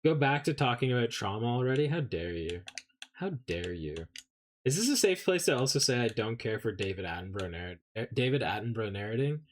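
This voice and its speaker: A man's voice: medium pitch, quick pace, hardly any pauses, slight background noise. A man from Canada chatting casually while streaming a game, playful and joking with chat, keeps slipping into put-on English accents. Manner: jokey, answers chat by name.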